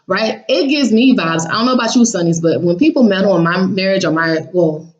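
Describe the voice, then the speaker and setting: A woman's voice: mid-range voice, lively intonation, fairly quick, lo-fi sound. A woman casually telling her viewers about a dream, blunt and sassy, acting out what people said in raised voices. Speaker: vlogger recounting a dream.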